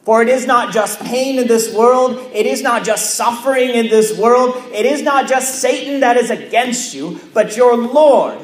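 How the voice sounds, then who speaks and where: A man preaching a sermon as pastor, measured and emphatic, with repeated phrases and pauses. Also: very high voice, fairly bright tone, echoey room. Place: church.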